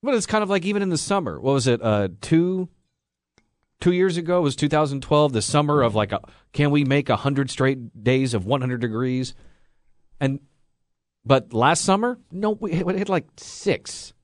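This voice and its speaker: Radio cohost guy, chatty, lively up and down voice, dry sound. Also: fairly high pitch, no room sound. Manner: chatty, quick to agree and laugh. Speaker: radio co-host. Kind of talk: casual chat.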